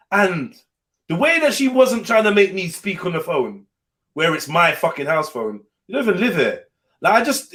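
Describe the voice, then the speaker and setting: A young man, telling a personal story in casual podcast chat, swearing freely and acting out the voices of the people in it. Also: on the high side. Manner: animated, swears freely, acts out voices in his stories. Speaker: podcast host.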